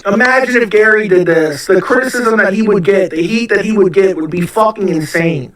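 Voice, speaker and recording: A man's voice: high-pitched, a little fast, a bit bright. A man giving mocking, emphatic commentary in a casual podcast clip. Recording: echoey room, distant mic.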